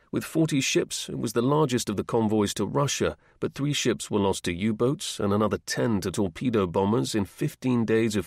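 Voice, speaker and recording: A man reading a history audiobook in a measured, steady narrating voice. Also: lowish voice, creaky, no echo, studio quality. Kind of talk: scripted narration.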